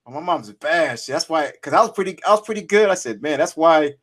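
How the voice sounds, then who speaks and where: A man telling childhood stories in casual chat, animated and laughing often, swearing freely. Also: on the high side, fast talker. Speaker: podcast co-host.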